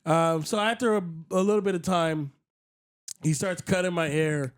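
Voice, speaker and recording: Animated man telling a story, dry sound. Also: sits high, normal speed, clean tone, dry recording. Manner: animated storyteller, acts out quoted voices, frequent swearing. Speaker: podcast host. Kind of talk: casual storytelling chat.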